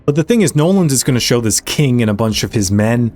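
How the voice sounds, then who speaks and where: Man recapping an anime, earnest, mid-pitched, faint music underneath. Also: fast. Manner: earnest, animated retelling with rising emphasis. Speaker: anime reaction host. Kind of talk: casual recap and commentary.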